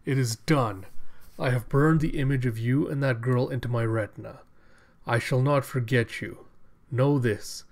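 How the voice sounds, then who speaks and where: A man doing a booming, gloating cyborg brute. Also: moderate pace, lightly acted. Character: boastful monstrous male cyborg brute.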